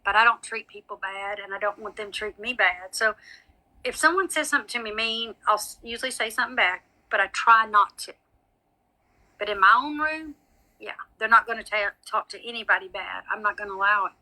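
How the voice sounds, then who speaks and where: A woman's voice: medium pitch, brisk, pushed and bright, poor audio. A woman, chatting casually with her livestream viewers as a psychic medium, rambling on and calling them honey and sweetie.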